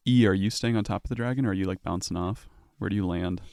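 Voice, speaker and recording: A man's voice: deep voice, fast, vocal fry, a little mellow, no echo, studio quality. A man running a tabletop game as game master, narrating the scene in a loose, descriptive way.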